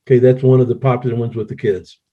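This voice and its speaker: A man's voice: medium pitch, little pitch movement, fast. A man in his sixties giving a casual online laughter yoga presentation, joking playfully and breaking into laughter, recorded on a home computer mic with dull lo-fi audio. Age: 60s.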